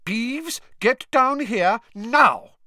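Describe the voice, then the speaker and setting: Guy doing a bossy older lady professor yelling high and loud, storybook voice, very lively. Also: slow, no room sound, clean studio sound, exaggerated voice. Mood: stern shouting. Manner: shouted sharp commands. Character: stern older female teacher, commanding, sharp.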